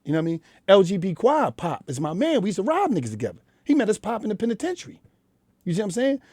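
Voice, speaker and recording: Fast-talking Philadelphia man, blunt. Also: high voice, huge pitch swings, darkish tone, breathy edge, dry recording, clean studio sound. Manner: blunt, profane street storytelling. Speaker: guest. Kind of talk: candid interview talk. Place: radio studio.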